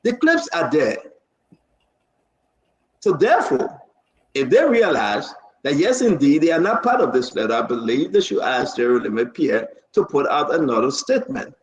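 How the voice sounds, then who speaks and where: A man's voice: fairly high pitch, very animated, moderate pace. A male talk show host, speaking emphatically and insistently. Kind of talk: political talk-show discussion. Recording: echoey, dull lo-fi stream audio.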